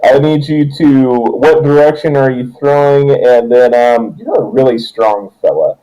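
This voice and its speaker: A man's voice: medium pitch, steady tone, a little slow, warm tone, poor audio. A young man running a tabletop game as its game master, joking and laughing through loose narration.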